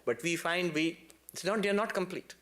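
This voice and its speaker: A man giving a spiritual lecture to a temple congregation, telling stories in a lively way with playful asides and sudden high, emphatic peaks. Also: normal speed.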